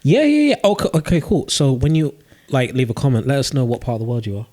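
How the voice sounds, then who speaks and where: A man's voice: mid-range voice, huge pitch swings, quick pace, a little mellow. A man, co-hosting a podcast in casual, easygoing chat and wrapping up the episode. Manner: easygoing, short agreeing replies. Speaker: podcast co-host.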